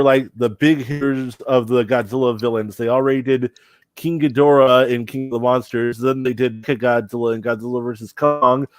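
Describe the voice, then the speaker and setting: A man's voice: mid-range voice, clear, resonant tone, dry recording. A man co-hosting a casual podcast chat, giving confident opinions in a matter-of-fact way. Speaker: podcast co-host.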